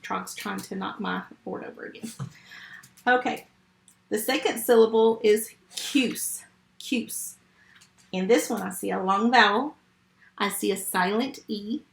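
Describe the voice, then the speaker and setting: A woman's voice: medium pitch, creaky, roomy sound. A woman teaching a first grade phonics lesson remotely, patient and step by step. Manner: slow, patient, step-by-step teaching to young children.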